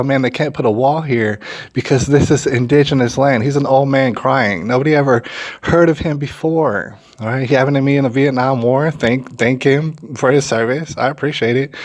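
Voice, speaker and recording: A man's voice: mid-range voice, a little mellow. A man from San Antonio, hosting his own opinion vlog and talking emphatically and repetitively straight to his viewers. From San Antonio, Texas. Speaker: channel host.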